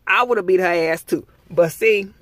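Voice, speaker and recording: A young man reviews a TV episode in a heated, profane rant with lots of animation. His voice sits somewhat high for a man, and the recording is dry and close with no room sound. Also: a little slow, a bit bright, no room sound. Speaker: TV show reviewer.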